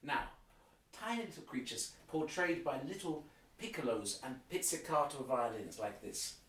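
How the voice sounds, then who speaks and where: Walking through an opera one scene at a time, a male guide sometimes sings brief motifs, with piano examples accompanying the tour. He speaks at a medium pitch and moderate pace in a sing-song, fairly bright voice, sounding far from the mic in a roomy recording with piano.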